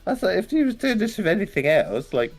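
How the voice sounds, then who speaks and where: An adult man on a voice call during a live gaming stream, chatty and quick to laugh while telling stories. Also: high voice, sing-song, soft background music. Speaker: guest co-player on a voice call. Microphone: headset on a voice call.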